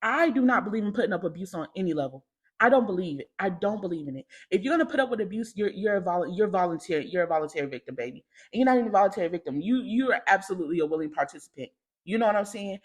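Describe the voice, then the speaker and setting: A young woman hosting a podcast, telling a candid personal story in slangy, animated speech that jumps into loud acted-out quotes. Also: medium pitch, racing, breathy edge. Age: young adult. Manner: animated, slangy, swings into loud shouting impressions. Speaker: podcast host.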